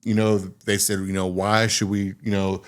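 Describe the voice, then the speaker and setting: A man with a Texan accent hosting a casual podcast chat, telling animated stories, swearing freely and acting out other people's voices. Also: fairly low pitch, moderate pace, clean tone. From Texas. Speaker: podcast host.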